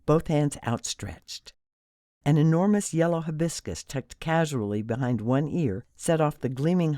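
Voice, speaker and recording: Expressive male audiobook narrator. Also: mid-range voice, no room sound, clean studio sound. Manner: expressive storytelling. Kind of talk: scripted narration.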